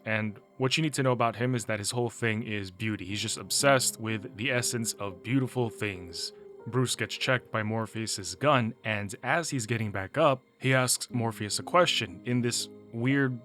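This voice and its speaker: A man recaps a video game story in a loose, chatty way and is quick with opinions and laughs. His voice sits at a middle pitch, with faint music underneath. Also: a bit bright. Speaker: gaming video host. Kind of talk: casual story recap commentary.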